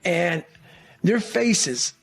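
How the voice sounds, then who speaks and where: Raspy, high-voiced man telling a story. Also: expressive, very slow, a bit bright, soft background music. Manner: intense, profane, blunt. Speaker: podcast guest telling a story. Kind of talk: casual storytelling in a podcast interview.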